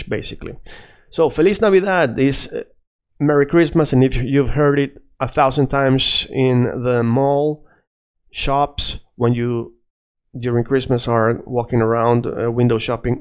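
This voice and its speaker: A man teaching a casual video lesson, animated and drilling words by repetition. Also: mid-range voice. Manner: animated, switches between English and Spanish, repeats words for drill. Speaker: Spanish teacher.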